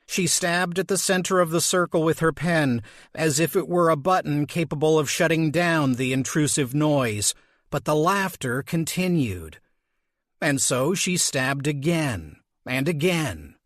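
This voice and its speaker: A male audiobook narrator reads in an unhurried, measured way. His voice sits slightly high for a man. The recording is dry, with no room sound. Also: dry recording. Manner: slow, measured reading. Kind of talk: scripted narration.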